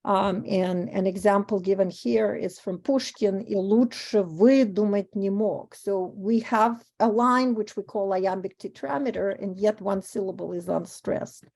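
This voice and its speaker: A woman whose first language is Russian gives an academic conference talk on verse, thoughtful and pausing, with frequent ums and self-corrections. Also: mid-range voice, creaky, a little mellow. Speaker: panel speaker on verse translation.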